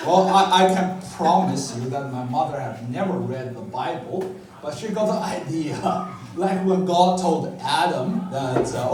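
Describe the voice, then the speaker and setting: Animated stand-up comic in an echoey club. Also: male voice, normal speed, background noise. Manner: animated storytelling, jumps high when quoting himself. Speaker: stand-up comedian. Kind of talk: stand-up comedy set. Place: comedy club stage. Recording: echoey club, far-off mic, crowd laughing. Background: audience laughter.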